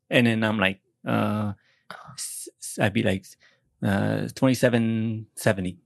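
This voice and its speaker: A man's voice: on the low side, moderate pace, vocal fry, no room sound. A young American man in casual podcast chat, rambling and self-deprecating, swearing often and restarting his sentences. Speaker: podcast co-host.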